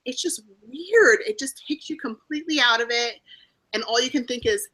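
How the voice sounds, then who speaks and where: A woman's voice: a little high, expressive, moderate pace, sharp tone, poor audio. A woman co-hosting a casual online hangout over a video call, sounding exasperated and laughing often. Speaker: co-host.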